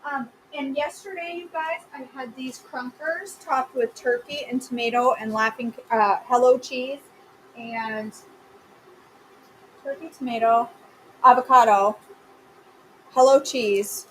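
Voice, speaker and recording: A woman's voice: high voice, fairly even intonation, slow pace, long pauses, slight background noise, poor audio. A woman hosting a live cooking stream from her home kitchen, chatting casually and answering viewers by name with playful, self-mocking humor.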